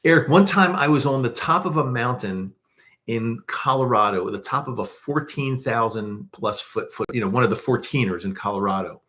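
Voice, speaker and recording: A man's voice: medium pitch, expressive, normal speed, fairly bright tone. A man with a Baltimore accent hosting a casual livestream, talking in a rambling, chatty way with many restarts and fillers. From Baltimore, USA. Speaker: podcast host.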